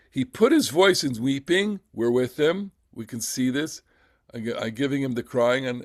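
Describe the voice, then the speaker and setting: A man teaching a scripture class who reads the passage aloud and then talks it over. His delivery is theatrical, full of stammered restarts. The sound is dry and close, with no room echo. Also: medium pitch. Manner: theatrical, repeats words, halting restarts. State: emotional, voice catching. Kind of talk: text study class, reading and commenting.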